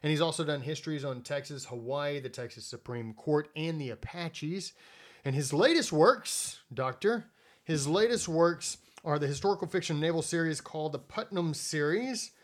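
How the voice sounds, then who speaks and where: A man's voice: fairly high pitch, normal speed. Chatty, joking male podcast host. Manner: joking, chatty, stumbles over intros. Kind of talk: casual podcast chat.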